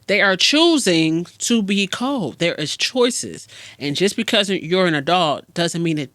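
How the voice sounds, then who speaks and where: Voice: mid-range voice, unhurried, dry recording. A therapist hosting a podcast, giving frank casual advice and acting out little dialogues. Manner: frank, animated, acts out dialogues.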